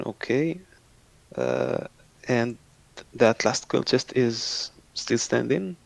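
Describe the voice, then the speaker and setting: A man's voice: medium pitch, very slow, creaky, no room sound. A man playing a tabletop game who sounds unsure, muttering to himself as he counts out his movement. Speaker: player. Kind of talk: casual tabletop game play.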